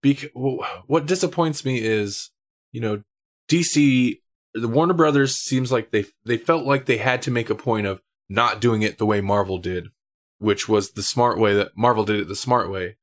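Man, podcast co-host, casual chat, opinionated, middle pitch, thinks aloud. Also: moderate pace.

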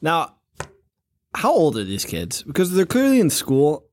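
A man's voice: a little high, wildly swooping pitch, a little slow. Casting note: young male co-host, easygoing jokey banter, laughs a lot. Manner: joking, chatty, laughs often. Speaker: podcast co-host. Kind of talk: casual chat.

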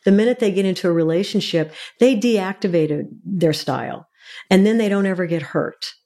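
A woman's voice: medium pitch, moderate pace, mellow. A middle-aged woman, a guest expert, explaining in an interview in an earnest, teacherly way, laying out her points one by one.

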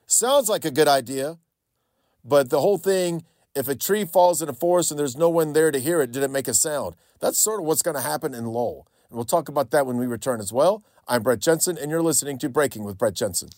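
A man's voice: on the high side, fairly quick, a little mellow, dry recording, studio quality. Opinionated talk radio host, man. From North Carolina. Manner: conversational, repeats himself, opinionated. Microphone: studio microphone.

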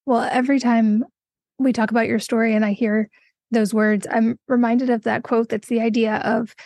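A woman's voice: on the high side, little pitch movement, dry recording. Woman host with a dry, close sound. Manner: warm, admiring, measured. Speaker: podcast host. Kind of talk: conversational interview.

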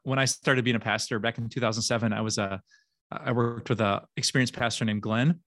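A man's voice: mid-range voice, fairly even intonation, a little fast, a bit bright. Earnest man, pastor chatting on a podcast. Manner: earnest, laughs easily. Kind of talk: casual faith podcast chat.

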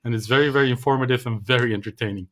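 A male co-host who speaks fast and keeps a dry, matter-of-fact tone. His voice sits in a middle pitch, with nothing flashy about it. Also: a bit bright, a little hiss or hum. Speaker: podcast co-host. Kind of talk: casual podcast chat.

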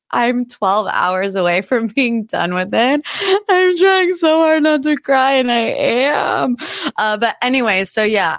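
Woman in her 30s, US pop-culture podcast host, expressive pitch jumps, dry close mic. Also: no echo. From United States. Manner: chatty and emotional, voice jumping high when excited. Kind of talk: casual solo podcast chat.

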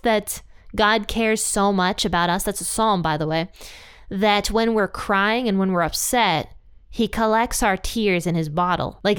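An earnest woman talks through a Bible passage in a casual, reflective way. Her voice is smooth and clear, and her pitch sits in the middle range for a woman. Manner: earnest and reflective, with frequent restarts. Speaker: Bible teaching podcast host. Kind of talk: casual Bible study talk.

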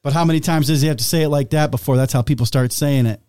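A man's voice: on the high side, fast talker, mellow, clean tone. A man co-hosting a podcast, chiming in bluntly during casual political talk. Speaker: podcast co-host.

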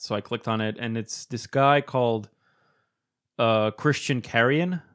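Chatty podcast host, not American. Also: male voice, mid-range voice, steady tone, a bit bright, smooth. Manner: chatty, quick asides, laughs often. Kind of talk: casual podcast chat.

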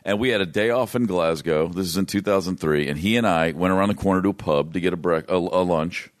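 A man with a low voice tells a tour story in loose conversation. He rambles, restarts his sentences and laughs as he goes. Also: fast talker. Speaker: guest musician. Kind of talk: casual storytelling.

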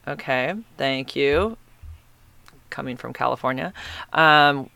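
A man in his fifties chats on his solo podcast in a bright, forceful voice that stays smooth and crisp. He gushes and rambles, with plenty of ums, and his pitch sits a little above the usual for a man. The sound is dry and close. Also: steady tone, takes it slowly, dry recording. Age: 50s. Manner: gushing, rambling, lots of fillers. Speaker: podcast host. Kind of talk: casual solo podcast chat.

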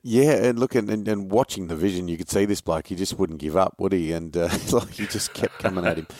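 A man hosting a sports podcast, leading the topics in a relaxed conversational way. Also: low-pitched, fairly quick, no room sound. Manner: conversational, leads the segments. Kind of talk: casual sports chat.

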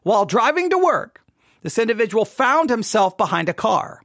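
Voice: medium pitch, sing-song, moderate pace, a bit bright, no room sound, studio quality. A host of a daily devotional talk in a casual style, reading article lines aloud, repeating phrases and asking listeners rhetorical questions. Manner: reads article lines aloud and comments on them.

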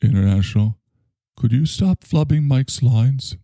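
A man's voice: mid-range voice, lively intonation, unhurried, gravelly, mellow, dry recording. A man voicing an eager male sidekick in an improvised comedy bit, who obligingly repeats whatever he is told.

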